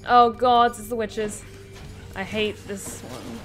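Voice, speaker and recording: A woman streaming a video game, chattily thinking aloud and reacting excitedly. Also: fairly high pitch, slow, faint music behind. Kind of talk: live game commentary.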